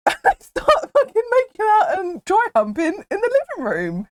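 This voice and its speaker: A woman casually retelling a film, animated and laughing as she acts out the characters. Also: sits high, a little fast.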